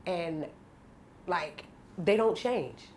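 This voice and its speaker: A woman's voice: fairly low pitch, expressive, drawn-out words, darkish tone, reverberant, slight background noise. A woman guest in a candid radio interview, telling a personal story bluntly and with slang.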